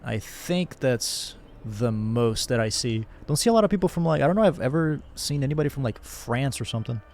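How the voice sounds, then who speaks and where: A man's voice: mid-range voice, expressive, fairly quick, a little mellow. A young man from Brazil streaming a game, chatting casually with viewers, thanking them by name and rambling with fillers and laughs.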